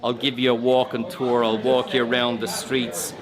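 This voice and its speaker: Irish guy in a loud pub, crowd chatter behind, mid voice, rambling and plugging his stuff. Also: mid-range voice, monotone, normal speed. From Ireland. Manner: rambling, hesitant, self-promoting. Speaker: walking tour guide. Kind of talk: casual chat on a live broadcast. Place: busy pub. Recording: crowd noise from a busy pub.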